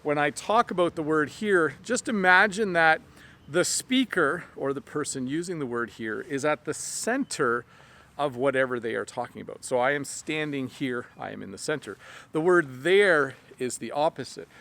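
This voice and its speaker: Slightly high-voiced man teaching English. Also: lively intonation, sharp tone. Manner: slow, clear teacher talk with simple examples. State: a little out of breath. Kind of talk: outdoor English lesson. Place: outdoors in the rain. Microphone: camera on a stand.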